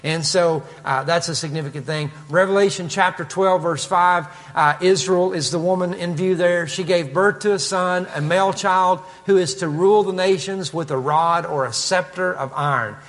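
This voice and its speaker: A man's voice: sits high, normal speed, few pauses, a bit bright, big-room sound. A man with a Kentucky accent preaching a conversational expository sermon, with asides and frequent fillers. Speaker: pastor.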